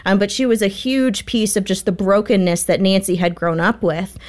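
A woman appearing as a guest author tells a story with animated energy, often leaning on "um" and "you know." Her voice sits in a mid range that is typical for a woman. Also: medium pitch, moderate pace. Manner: warm, animated storyteller with frequent fillers. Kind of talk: storytelling interview answer.

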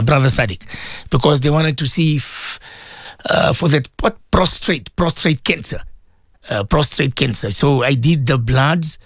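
A man's voice: mid-range voice, no echo, studio quality. A middle-aged man preaching on a radio show. He pleads and repeats words for emphasis, and he asks his listeners questions directly. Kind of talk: devotional radio talk to listeners.

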